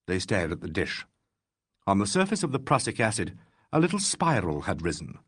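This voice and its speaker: A man narrating a classic mystery audiobook with expressive, varied delivery. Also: fairly low pitch, normal speed, husky, no room sound, studio quality.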